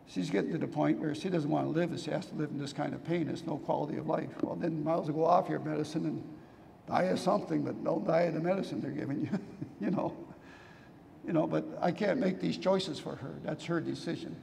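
Older male pastor, hoarse and gravelly, mellow tone, earnest sermon storytelling in a long-reverb hall. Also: fairly high pitch, fairly even intonation, brisk, slight background noise. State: losing his voice, hoarse.

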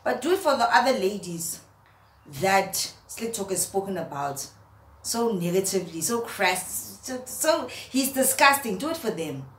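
Lively woman roasting someone. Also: medium pitch, a little slow. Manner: mocking, animated, laughs at her own jokes. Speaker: vlogger. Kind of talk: roasting rant to camera. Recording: roomy echo, faint background hum.

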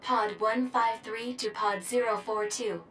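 A woman voicing a calm female robot support pod in a video game, speaking in an even, formal, measured way. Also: fairly high pitch, rough recording. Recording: game audio with steady noise.

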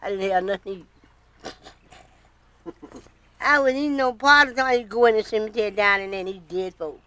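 An older woman, a blues singer, telling earthy stories about her childhood in a relaxed, laughing way. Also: mid-range voice. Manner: slow, earthy storytelling with hearty laughs. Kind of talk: relaxed storytelling.

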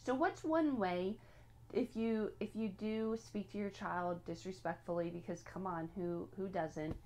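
A woman's voice: mid-range voice, unhurried, a little mellow. A woman teaching a casual spoken parenting lesson, earnest and direct, openly admitting her own slips.

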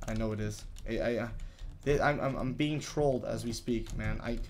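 A man giving live gameplay commentary, talking to himself in frustrated, excitable bursts with many restarts. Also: medium pitch, normal speed, a little hiss or hum. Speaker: gaming YouTuber.

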